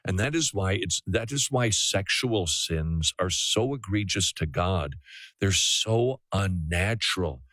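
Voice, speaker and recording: A man's voice: low voice, animated, slow pace, a bit bright, dry recording. A man hosting a call-in radio talk show, preaching earnestly and often restarting his sentences.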